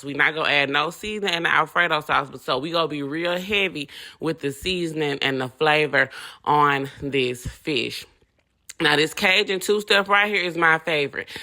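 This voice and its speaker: A woman with a Southern accent hosts a casual home cooking tutorial. Her voice is bright and forceful, and her talk is folksy and chatty as she keeps calling viewers honey. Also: low voice. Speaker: cooking show host.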